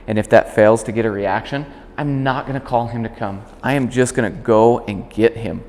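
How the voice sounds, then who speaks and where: A man working as a dog trainer, calmly explaining a demonstration and switching to short, clear commands for the puppy. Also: mid-range voice, normal speed, in a large hall. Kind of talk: instructional demonstration.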